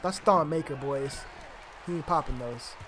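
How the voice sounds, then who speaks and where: A man's voice: on the high side, moderate pace, crowd noise. A young man casually commentating his own basketball video game, muttering, swearing and trash-talking the players on screen. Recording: home recording with clear background noise.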